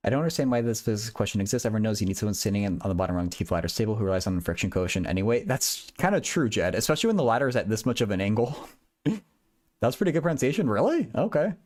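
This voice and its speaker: A man's voice: fairly low pitch, racing, a little mellow. A young man hosting a livestream, chatting casually with viewers about a physics problem, rambling and laughing at himself with lots of repeated words. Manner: rambling, self-deprecating, giggly, stammers with repeated words. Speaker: livestream host solving math and physics problems.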